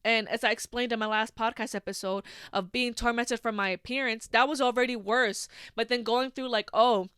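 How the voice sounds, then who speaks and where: Casual twenties woman hosting her own podcast; slightly high, crisp voice, swears freely, leans on "like". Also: steady tone, brisk, hardly any pauses, bright, forceful tone, no echo, clean studio sound. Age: 20s. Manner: frank and heavily profane, full of "like" fillers. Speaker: podcast host. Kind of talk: candid solo podcast monologue.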